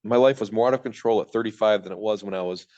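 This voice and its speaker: Man, 30s, from Michigan, podcast guest; rapid, rambling storyteller, lo-fi dull sound. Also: lowish voice, warm tone. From Michigan, USA. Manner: rambling, self-interrupting, acts out his own past thoughts. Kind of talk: candid storytelling in a podcast interview.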